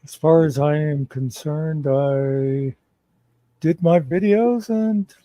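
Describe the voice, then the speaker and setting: A man taking part in a casual live-stream chat, speaking in a measured, halting way. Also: on the high side, dark tone, no room sound, poor audio.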